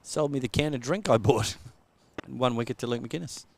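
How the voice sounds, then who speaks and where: A man's voice: medium pitch, moderate pace, vocal fry. A man with an Australian accent doing casual live cricket commentary, joking and laughing often.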